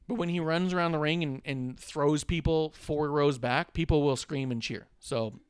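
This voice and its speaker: A man co-hosting a casual wrestling podcast, animated and profane, joking and acting out quotes. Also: a little high, moderate pace, smooth, dry recording, studio quality. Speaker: podcast co-host.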